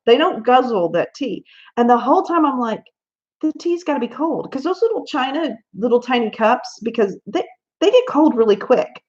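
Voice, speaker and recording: A woman's voice: fairly high pitch, lively intonation, moderate pace, darkish tone. A Southern American woman hosting a casual coloring livestream, chatting and telling stories with lots of laughs and asides. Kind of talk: casual chat while coloring. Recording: slightly dull lo-fi stream audio.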